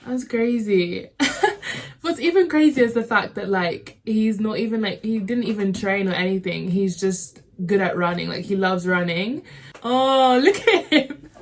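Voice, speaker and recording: A woman's voice: mid-range voice, moderate pace. A young woman hosting a movie reaction, chatting with emotion and a lot of filler words. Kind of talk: casual reaction commentary.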